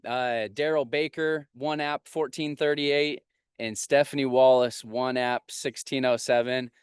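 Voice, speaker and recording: A man's voice: medium pitch, fairly even intonation, unhurried, clean tone, no room sound, studio quality. A man leading a motivational team huddle over a video call from a parked vehicle, upbeat and hype-driven, repeating himself for emphasis. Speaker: agency leader hosting a team call. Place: parked vehicle on a road trip.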